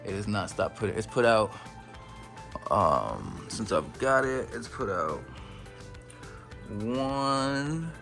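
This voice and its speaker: Gravelly playful man touring his plants. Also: lowish voice, sing-song, slow, pauses often, fairly bright tone, faint music behind. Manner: playful, hyped, slangy, breaks into silly voices. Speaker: plant collector showing his collection. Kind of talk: casual plant tour vlog.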